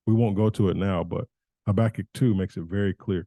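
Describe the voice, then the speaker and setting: A male Bible teacher talks through scripture informally and conversationally. He often restarts and corrects himself mid-sentence. His voice is low and mellow, and the sound is dry. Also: brisk, no room sound.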